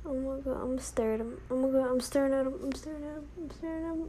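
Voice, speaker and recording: A woman's voice: high-pitched, level tone, fast talker, few pauses, dark tone, slight background noise, rough recording. A young woman vlogging casually from her college room at night, rambling and often dropping into whispers. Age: young adult. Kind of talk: casual late-night chat.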